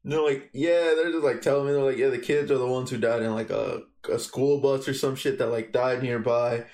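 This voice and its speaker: A man's voice: medium pitch, a little fast. A young man from Guatemala, a podcast guest, telling a story casually with lots of swearing and acted-out quotes. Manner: animated storytelling, heavy swearing, acts out quotes.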